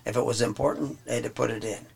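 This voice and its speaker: A man teaching a Bible study, reading verses aloud slowly and then explaining them in plain, halting talk. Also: mid-range voice, vocal fry, a little mellow, breathy edge.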